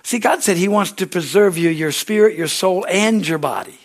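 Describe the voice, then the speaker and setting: A high-pitched American pastor preaches a sermon at normal speed, rambling in a folksy style. He frequently asks "Amen?" and laughs easily at his own expense.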